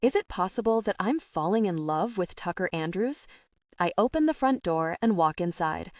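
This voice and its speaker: A woman narrating a first-person romance audiobook in an intimate, unhurried way. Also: lowish voice, expressive, darkish tone, no echo, studio quality.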